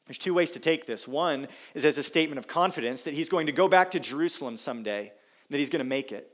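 A man preaching a sermon, earnest and emphatic, with dramatic pauses and repeated phrases for weight. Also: on the high side, expressive.

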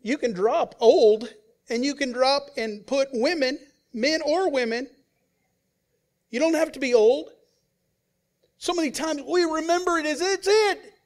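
A man preaches a sermon as a pastor, speaking unhurriedly in a very high voice and leaving long pauses. His delivery moves between loud emphasis and whispered asides, and he voices the characters he quotes.

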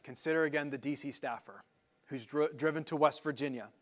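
Casual, halting male preacher. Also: a little high. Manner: informal, halting, many "like" fillers and restarts. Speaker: pastor. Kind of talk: conversational sermon with Bible word study.

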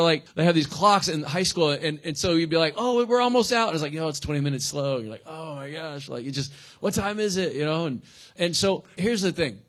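A man preaching in a loose, conversational style, slipping into quick acted-out voices of friends and doubters. His voice sits a little on the higher side for a man. He talks like a casual pastor, heavy on slang and rhetorical checks with the crowd. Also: fairly bright tone. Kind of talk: sermon.

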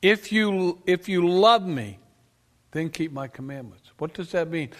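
A male preacher delivering an emphatic sermon, asking his congregation questions and swinging between loud declarations and quiet asides. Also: high-pitched, expressive, moderate pace. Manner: emphatic, rises and drops sharply, asks the congregation questions. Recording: long reverb of a church hall.

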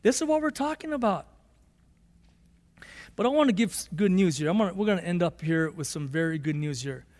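High-voiced pastor preaching with emphasis. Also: male voice, a little fast, long pauses, big-room sound. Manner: emphatic, repeats key phrases, rising to bursts of excitement. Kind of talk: sermon.

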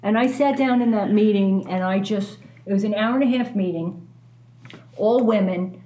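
A woman's voice: mid-range voice, moderate pace. This is a woman guest telling a personal story frankly and with self-mocking humor. She swears easily and speaks in an ordinary mid-range voice. The room gives a noticeable echo. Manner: candid, self-mocking, animated, swears freely.

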